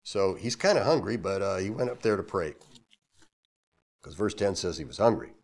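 A man's voice: sits low, expressive, moderate pace. A man teaching a weekly Bible lesson, reading scripture aloud and breaking off into casual, joking explanations. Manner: casual, joking asides between readings, lifts his voice for scripture. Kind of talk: verse-by-verse sermon with reading and asides.

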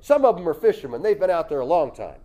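Man preaching a lively storytelling sermon. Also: on the high side, fast. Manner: lively storytelling, acts out voices with loud jumps; chuckles often.

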